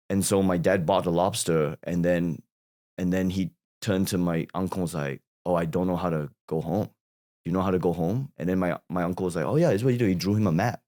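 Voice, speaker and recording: A man in his thirties, a comedian guest, telling a personal story in a conversation, quoting people in animated voices and restarting his sentences often. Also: sits low.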